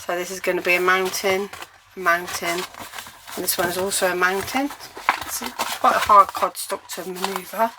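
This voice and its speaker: A woman's voice: fairly low pitch, level tone, moderate pace, noisy background. An English woman giving a chatty, step-by-step cardmaking tutorial while she works at her crafting table.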